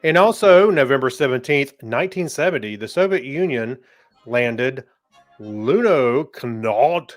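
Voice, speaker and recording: A man co-hosting a casual podcast, easygoing and quick to laugh as he reads history notes. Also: mid-range voice, expressive, no echo, soft background music. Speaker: podcast co-host.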